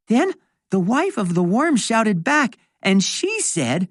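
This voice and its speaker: A woman's voice: fairly high pitch, sing-song, slow, no echo, clean studio sound. A woman reading a rhyming children's book aloud in a sing-song way, lightly voicing the characters. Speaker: storybook reader. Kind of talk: children's read-aloud narration.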